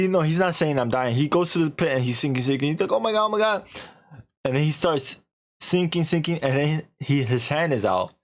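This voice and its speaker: A man streaming, casually retelling a story in a rambling way and acting out the quotes. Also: a little high. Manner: rambling, animated retelling full of acted-out quotes.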